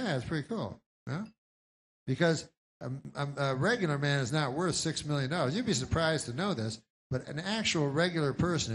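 A man doing a stand-up comedy set with a rambling, deadpan delivery full of meandering asides. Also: fairly high pitch.

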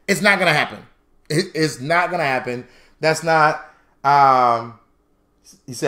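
Man instructor, fairly high voice, animated, chatty live class. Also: moderate pace, pauses often. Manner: animated, chatty, acts out mock quotes; talks to viewers as "y'all". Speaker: credit repair instructor.

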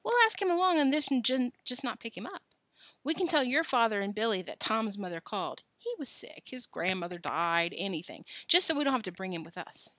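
A woman voicing an excited, scheming boy of about ten who talks eagerly and persuasively in a storybook reading. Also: on the high side, a little fast, no room sound, pitched above the performer's own voice. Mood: plotting.

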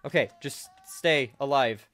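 A man giving casual gameplay commentary, talking to himself and breaking into sudden high-pitched outbursts at a desk microphone. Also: unhurried, fairly bright tone. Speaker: gaming channel host.

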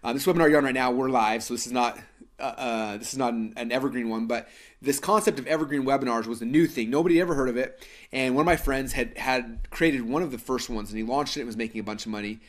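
A man's voice: mid-range voice, fast. A man in his thirties from Idaho hosting a live webinar, telling a story with lots of fillers and restarts. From Idaho, United States. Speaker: webinar host.

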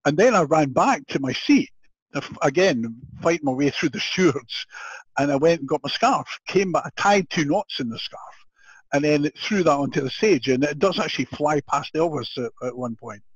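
An older man from Scotland with a Scottish accent, a podcast guest telling an animated story with frequent laughter and restarted sentences. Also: on the high side, normal speed, husky, no room sound. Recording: dull, dry lo-fi audio.

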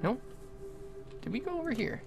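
A young adult livestreamer giving jokey, excitable commentary while playing, often talking to the game's characters. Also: mid-range voice, moderate pace, vocal fry, music in the background. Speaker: gaming livestreamer. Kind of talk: live gameplay commentary.

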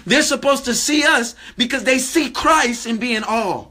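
High-voiced, bright, fervent preacher man. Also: moderate pace. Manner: fervent, repetitive preaching cadence. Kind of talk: livestream sermon.

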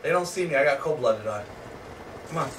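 Brief: male gaming host, lively, swears, shouts; distant mic, noisy room. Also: a little high, a little fast. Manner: excitable, swears, yells at opponents. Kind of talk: live gameplay commentary.

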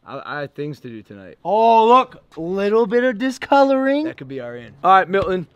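A man in his twenties, vlogging in casual joking chat, loud and swaggering with sudden shouts. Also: high-pitched, sing-song, normal speed, clean tone, dry recording, lo-fi sound. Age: 20s.

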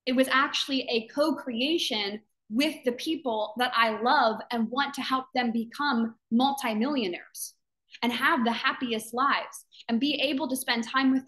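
A woman's voice: high-pitched, fairly bright tone. A woman who founded a business community, giving a fervent motivational talk to its members on a live video call. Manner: fervent, emphatic, repeats phrases for emphasis; acts out other people's doubting voices in quotes.

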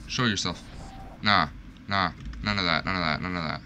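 A young man narrating his own gameplay in a lowish voice, moving between nervous muttering and yelps of alarm. He jokes at his own expense and talks straight to the creatures. The home recording carries clear background noise and keyboard typing. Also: moderate pace. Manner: panicky, self-mocking, talks to the game. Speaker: gaming streamer. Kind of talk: live gameplay commentary.

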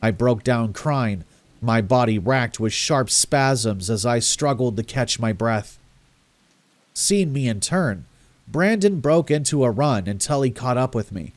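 A man reading a first-person horror story in a measured, grave storytelling manner. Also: medium pitch, expressive, dry recording.

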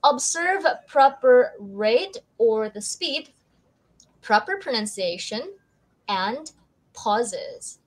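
Filipino lady teacher, friendly, explains stuff, bit high voice. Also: very animated, extremely slow. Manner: friendly, explanatory, reads viewer comments. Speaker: teacher co-host. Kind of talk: taglish lesson discussion.

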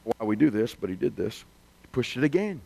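A man's voice: medium pitch, sing-song, fairly quick, gravelly, warm tone. A male revival preacher giving a sermon in a conversational, humorous, storytelling way.

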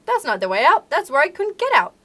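Woman doing a plucky miner boy, practical and matter-of-fact, lively storybook voice. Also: a little high, fast talker. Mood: excited.

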